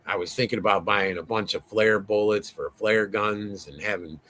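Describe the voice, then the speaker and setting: A man with a fairly low voice tells his story in a loose, rambling way, swearing freely and leaning on fillers. He gets excitable as he talks, with a faint noise underneath. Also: normal speed. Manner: rambling, profane, lots of fillers. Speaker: interview guest. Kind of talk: casual interview storytelling.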